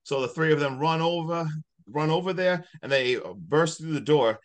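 A man hosting a podcast, casually recapping a movie in a rambling, animated way full of "like". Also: on the high side, moderate pace. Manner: rambling, animated retelling with many likes. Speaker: podcast host.

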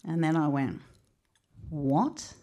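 A middle-aged Australian woman speaks at a book launch, her voice sitting a little low. She tells her stories in a lively, chatty way and acts out the people she quotes. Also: moderate pace. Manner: animated, chatty storyteller who acts out quotes. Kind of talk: personal storytelling speech.

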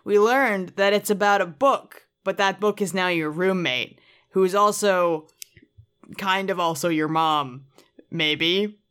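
A woman's voice: lowish voice, takes it slowly, a bit bright, clean tone. A young woman from the United States co-hosting a podcast, chatty and prone to trailing off. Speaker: podcast co-host. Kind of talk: casual chat.

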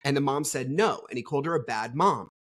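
A man's voice: medium pitch, expressive, quick pace, a bit bright. A middle-aged man from New Jersey, a podcast guest telling a story in a rambling, frank way, with lots of fillers and the odd swear. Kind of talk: casual storytelling interview.

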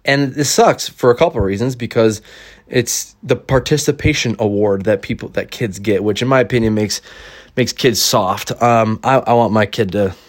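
A man's voice: lowish voice, normal speed. A man talking casually to camera as a parent, blunt and opinionated, swearing freely and restarting often. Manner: blunt, swears freely, fillers and restarts, reads dialogue aloud with excitement. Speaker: parent reviewing a children's book. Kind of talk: casual opinionated vlog talk.

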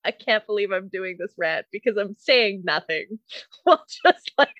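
A woman's voice: medium pitch, lively intonation, moderate pace, fairly bright tone, no room sound, muffled recording. A woman co-hosting a casual podcast, rambling, swearing freely and laughing often. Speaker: podcast co-host. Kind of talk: casual chat.

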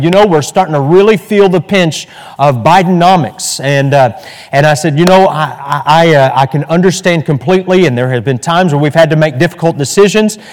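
A male pastor teaching an evening church lesson in a folksy, chatty way, full of fillers and restarts. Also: high voice. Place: church hall. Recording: echoey hall.

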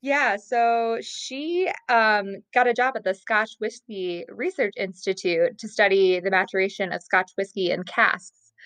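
A woman's voice: mid-range voice, a little slow, a bit bright, clean tone, dry recording. A woman co-hosting a casual podcast chat from home, presenting her research with many hesitations. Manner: chatty, hesitant with many ums. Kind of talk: casual chat on a video call.

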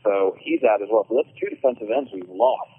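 Brief: male sports talk host, husky tone, tinny phone-like sound. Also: fairly low pitch, wildly swooping pitch, fairly quick. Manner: rambling, hesitant with ums. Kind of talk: casual sports chat. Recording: phone-like line.

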